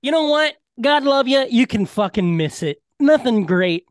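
A man's voice: extremely high pitch, lively intonation, normal speed, no echo, studio quality. A man co-hosting a podcast, telling rambling, profane comic stories in casual chat. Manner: rambling, profane, jokey storyteller. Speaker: podcast co-host.

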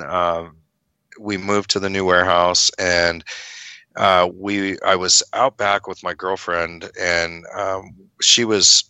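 A middle-aged man telling a long story in casual chat, animated, acting out the people he quotes and swearing freely. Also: deep voice, smooth, no room sound. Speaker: guest telling his story.

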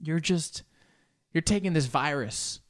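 A man's voice: fairly high pitch, expressive, a little slow. A man hosting his own podcast, rambling through a casual, profane, self-mocking solo monologue. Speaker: podcast host and comedian.

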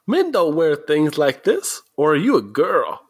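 A man doing a high, twangy, suspicious accuser. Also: big pitch swings, a little slow, husky, heavily acted. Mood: accusing. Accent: drifting into a country twang. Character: suspicious accuser confronting a thief.

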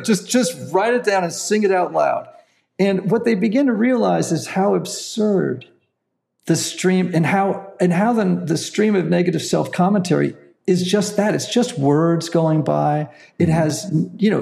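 Man, gravelly voice, slightly high, interview guest, earnest explaining. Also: darkish tone. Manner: earnest, explanatory, often adds "right?". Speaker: guest, counselor and author. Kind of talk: conversational interview.

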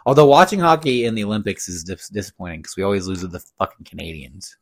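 A man's voice: lowish voice, very animated, fast talker, no room sound. A man co-hosting a podcast in loose, joking casual chat, swearing freely and laughing often. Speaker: podcast co-host.

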